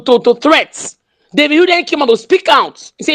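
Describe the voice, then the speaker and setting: In an online audio room, a Nigerian-accented woman gives a passionate political speech, pressing her points and repeating her slogans. Her voice sits high, and she sounds animated and brisk.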